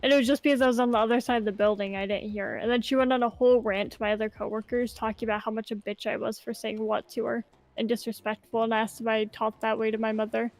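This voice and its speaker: A woman's voice: fairly high pitch, little pitch movement, fast talker, poor audio. A woman telling a story to friends in a casual voice chat. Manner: chatty storyteller.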